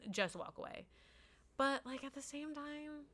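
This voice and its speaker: This woman's voice is high-pitched, expressive and unhurried, with a pushed, bright quality. In a casual monologue she recounts a parenting story, acting out quotes and filling it with "like."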